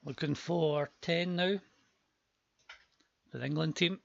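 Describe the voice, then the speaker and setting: A man's voice: fairly high pitch, steady tone, takes it slowly, vocal fry, dry recording, highs cut off. A man calling a live auction stream, chatty with joking asides, his voice worn from a long day before.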